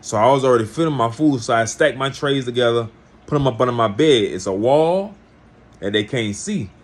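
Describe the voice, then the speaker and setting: A man telling a personal story in a casual, lively way, acting out the people he quotes. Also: mid-range voice, brisk.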